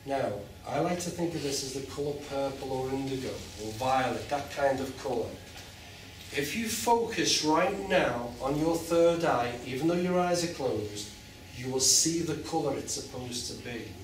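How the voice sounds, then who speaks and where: A man leading a group through a guided chakra meditation with slow, soothing instructions and long chanted tones, in a large room with an audience. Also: medium pitch, lively intonation, a little hiss or hum. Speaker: meditation teacher. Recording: echoey hall from far off.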